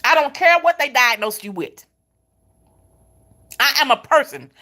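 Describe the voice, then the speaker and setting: A woman's voice: sits high, animated, measured pace, bright, forceful tone. A middle-aged woman giving a faith-based pep talk, repeating her points with emphasis and calling the listener baby and honey. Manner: emphatic repetition, folksy Southern-style phrasing. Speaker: motivational speaker.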